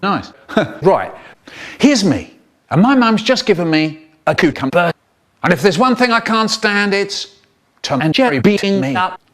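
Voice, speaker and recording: A man telling comic stories, animated and playful, with exaggerated swoops in his voice. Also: high voice, a little slow, long pauses. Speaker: children's storyteller. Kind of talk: comic storytelling, spliced edit.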